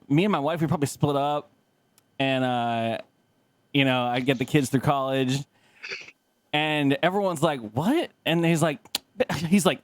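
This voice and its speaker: A man's voice: on the high side, dry recording. A man co-hosting a podcast, telling a rambling story with laughs and swearing, acting out other people's lines. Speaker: podcast co-host. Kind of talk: casual chat, storytelling.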